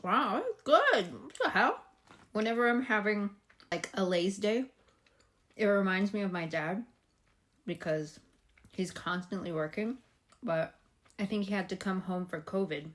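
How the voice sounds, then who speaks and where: A woman's voice: mid-range voice, normal speed, long pauses. A young adult woman chatting casually as a vlogger about her weekend, rambling and snacking as she talks. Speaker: PhD student vlogger. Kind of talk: casual vlog chat.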